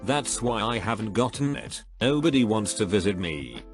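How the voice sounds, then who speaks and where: Low-voiced man reading posts aloud. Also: expressive, moderate pace, faint music behind. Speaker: narrator. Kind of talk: scripted narration of online posts.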